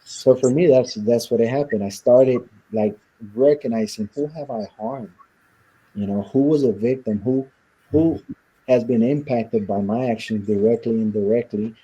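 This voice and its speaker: On dull audio, a man with a medium-pitched, mellow voice and a breathy edge talks at a measured pace. Being interviewed, he earnestly shares a reflective personal story conversationally, voicing the other people in it.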